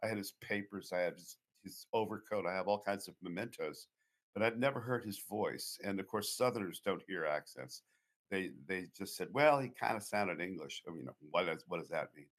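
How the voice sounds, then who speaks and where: Low-voiced man spinning long anecdotes. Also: a little fast. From Boston area, USA. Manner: anecdotal, digressive. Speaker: guest author. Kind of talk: storytelling interview talk.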